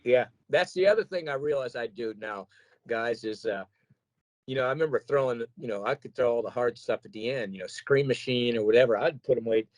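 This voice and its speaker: A man who sings metal, chatting casually in an interview, rambling and animated as he tells stories about touring and keeping his voice in shape. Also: medium pitch, fairly quick, no room sound, rough recording. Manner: rambling, animated storytelling with quoted asides. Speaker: metal singer guest.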